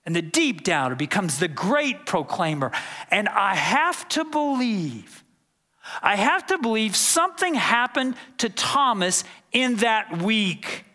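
High, bright-voiced male preacher. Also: sing-song, takes it slowly. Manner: emphatic preaching with repeated phrases. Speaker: pastor. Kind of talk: sermon.

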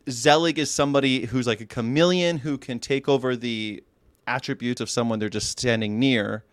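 A man's voice: medium pitch, moderate pace, clear, resonant tone, no room sound. Meandering laid-back podcast host man. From California. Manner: meandering, self-interrupting talk. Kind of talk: casual podcast chat.

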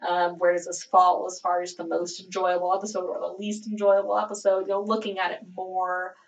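A woman's voice: fairly low pitch, flat delivery, a little fast, creaky, recorded from a distance, lo-fi sound. Chatty woman, a bit off mic. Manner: chatty, lots of "like" and "um", laughs easily. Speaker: podcast host. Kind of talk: casual chat.

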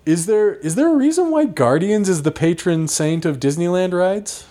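Brief: man, expressive voice, joking podcast host. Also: high voice. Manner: playful, questioning, quick with jokes. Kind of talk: casual chat.

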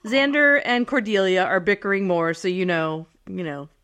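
A woman's voice: mid-range voice, normal speed, fairly bright tone, clean tone. A woman co-hosting a podcast, casually recapping a TV episode in a chatty way and laughing often. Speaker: podcast co-host.

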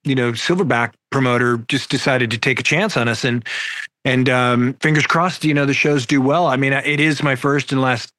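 A man's voice: mid-range voice, fairly even intonation, moderate pace, bright, forceful tone, no echo. Male rock vocalist, 50s, easygoing candid storyteller, dry video-call sound. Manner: laid-back, candid storyteller. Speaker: rock singer, guest. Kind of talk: casual interview over video call.

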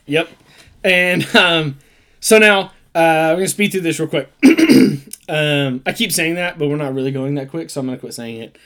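Animated man telling parenting stories. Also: on the high side, normal speed. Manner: animated storyteller who acts out quotes. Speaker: podcast co-host. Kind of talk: casual chat.

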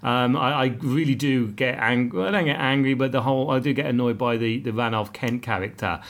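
A man's voice: medium pitch, a little fast, fairly bright tone. Man, podcast co-host, casual rambling delivery, mid-range voice, lots of asides. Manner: rambling, full of restarts and asides, jokey. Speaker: podcast host reviewing TV episodes. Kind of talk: casual chat.

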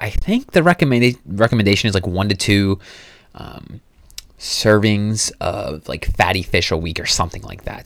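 A man's voice: on the low side, fairly bright tone, no room sound. Casual, profane man hosting a podcast. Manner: casual, profane, self-coaching. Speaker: podcast host. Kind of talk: casual solo podcast advice.

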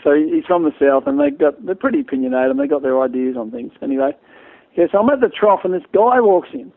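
A middle-aged Australian man rambles through his stories as an interview guest and restarts his sentences often. His voice is gravelly and a bit high, and he talks fast. The sound is thin, like a phone line. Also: big pitch swings. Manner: rambling, storytelling, many restarts. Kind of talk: casual interview chat.

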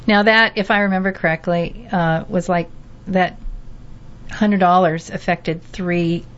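A woman's voice: lowish voice, fairly even intonation, measured pace. Encouraging woman interviewer. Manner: encouraging, prompting questions. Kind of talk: conversational interview. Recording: dull, lo-fi recording.

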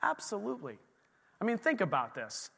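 A man's voice: sits high, huge pitch swings, moderate pace, creaky, pushed and bright, husky. A middle-aged man preaching a sermon to a church congregation. He talks in a loose, conversational way and acts out little scenes of dialogue. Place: church sanctuary. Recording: long hall reverb.

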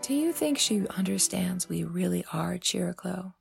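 A woman's voice: fairly low pitch, animated, moderate pace, vocal fry, soft background music. A woman voicing a plainspoken young woman companion who talks in a matter-of-fact way. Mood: wondering.

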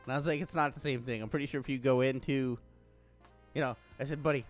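A man's voice: mid-range voice, fairly even intonation, fast, soft background music. A man, co-hosting a podcast and telling loose, profane stories in casual chat. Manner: rambling storyteller, loose and profane. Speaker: podcast co-host.

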